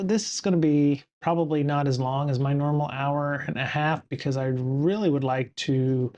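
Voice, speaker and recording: A man's voice: mid-range voice, darkish tone. A middle-aged man hosting a solo live stream, talking casually and rambling with many fillers and self-corrections. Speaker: podcast host streaming solo.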